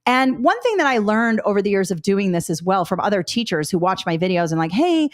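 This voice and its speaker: A woman's voice: medium pitch, expressive, fast talker. Middle-aged woman running a live test prep webinar, upbeat, coaches you through examples.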